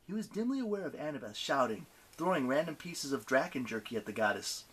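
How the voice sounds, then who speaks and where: A man reading a novel aloud as an audiobook narrator, with animated, expressive delivery. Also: medium pitch, brisk, slightly rough.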